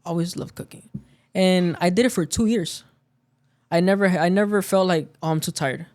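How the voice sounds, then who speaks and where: A man's voice: high-pitched, steady tone, normal speed, darkish tone. A man in casual podcast chat, telling a story about work and acting out the quoted lines of the people in it. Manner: storytelling, acts out quoted dialogue. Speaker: podcast guest.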